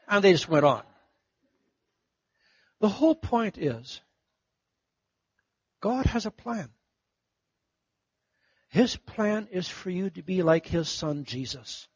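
High, husky-voiced male preacher. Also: expressive, slow pace, pauses often, no room sound, muffled recording. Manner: storytelling, acts out quoted voices, big swings from loud to hushed. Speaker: pastor. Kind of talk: sermon.

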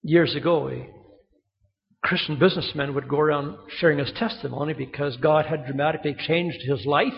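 Gravelly high-voiced man preaching in a hall. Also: a little fast. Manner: animated storytelling, acting out quoted voices. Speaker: pastor. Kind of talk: sermon. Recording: muffled sound in a reverberant hall.

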